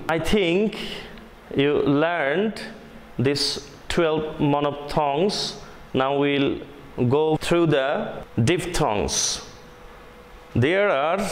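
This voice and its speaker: A Bangladeshi man teaching an online English class, slowly and deliberately spelling out sounds and repeating example words. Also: a little high. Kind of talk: online class lecture on phonetics. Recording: roomy echo with long reverb.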